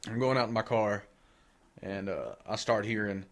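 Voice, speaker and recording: A man's voice: on the low side, moderate pace, a bit bright. A man on a podcast telling a ghost story from his youth in a laid-back, swearing, casual way. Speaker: podcast co-host. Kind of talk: casual chat.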